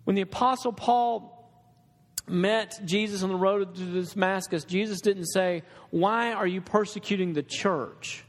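A man's voice: high-pitched, unhurried, long reverb tail. A man preaching a sermon in an earnest, conversational way, with restarts and asides to the congregation.

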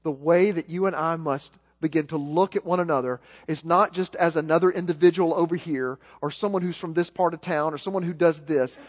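A man's voice: fairly high pitch, a little fast, hardly any pauses. A man with a Southern American accent preaching a sermon as pastor, earnest, repeating words as he builds a point. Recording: long hall reverb.

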